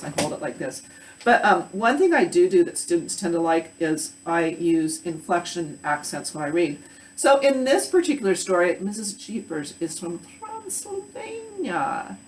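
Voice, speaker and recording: A woman teacher chatting about reading aloud in a lively, conversational way. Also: lowish voice, distant mic, a little hiss or hum, rough recording. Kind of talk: instructional chat.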